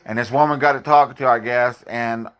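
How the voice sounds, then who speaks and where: A man's voice: mid-range voice, steady tone, fast talker, a bit bright, clear, resonant tone, poor audio. A man from Indiana, talking in a rambling, hesitant way on a casual live stream, casually swearing. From Indiana, USA. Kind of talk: casual chat.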